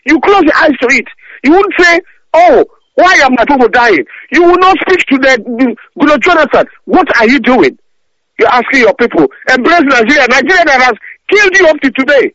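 Calling a radio talk show, a man rants angrily in an extremely high, sharp voice with lively intonation, speaking fairly quickly. He stammers repetitively and stumbles over his words. The phone-in audio is dull and lo-fi, with no echo.

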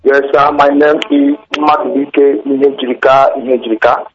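A Nigerian-accented man calls in and speaks like a preacher, emphatic and steady, in a medium-pitched voice. His voice sounds muffled and lo-fi over the radio. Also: moderate pace. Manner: preaching, emphatic, scripture-quoting. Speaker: caller. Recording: muffled radio phone line.

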